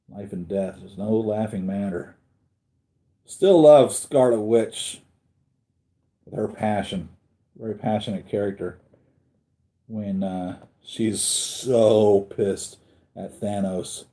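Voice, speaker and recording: This collectibles channel host has a fairly low, mellow voice. Running a casual live stream about collectible figures, he rambles and thinks out loud while responding to viewer comments.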